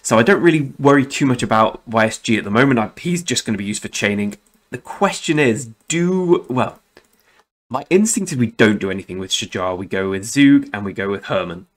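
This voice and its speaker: A young man chats through his game progress in a loose, rambling way, catching and correcting himself mid-sentence. His pitch sits in an ordinary middle range for a man, and the tone stays casual and conversational, with the odd mild curse. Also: expressive, fairly quick. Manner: rambling, self-correcting, chatty with mild swearing. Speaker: gaming channel host.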